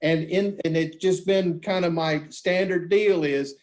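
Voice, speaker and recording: A man with a high, light voice tells stories in relaxed conversation. He gets animated, acting out what other people said in his own tale. The talk is easygoing and unhurried. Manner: animated storyteller, acts out voices in quotes. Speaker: guest, beep baseball pitcher. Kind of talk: casual storytelling chat.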